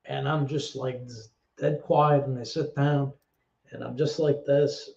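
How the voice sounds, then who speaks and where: A middle-aged man tells a candid story as an interview guest, blunt and swearing, with halting repetitions. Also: medium pitch, steady tone, vocal fry, darkish tone. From New York. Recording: roomy, dull lo-fi sound.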